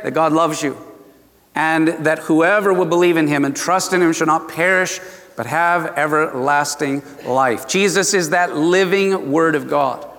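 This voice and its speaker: A man preaching a sermon as a pastor, animated, at times dropping to soft hushed tones. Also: a little high, big-room sound.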